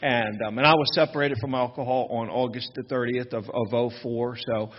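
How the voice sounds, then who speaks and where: A man talking to a workshop crowd in a loose, chatty way, poking fun at himself and tossing in "right?" asides. His pitch sits in the middle of the usual male range, and the recording sounds slightly dull and lo-fi. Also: fairly even intonation, moderate pace, big-room sound. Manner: chatty and self-deprecating, with frequent "right?" asides. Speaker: recovery workshop speaker. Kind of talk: casual workshop talk to an audience.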